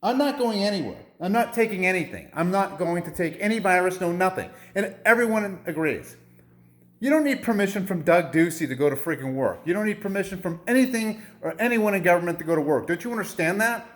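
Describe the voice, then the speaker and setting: Man, high-pitched, angry rant, profane, repetitive, rhetorical questions. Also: animated, brisk. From United States.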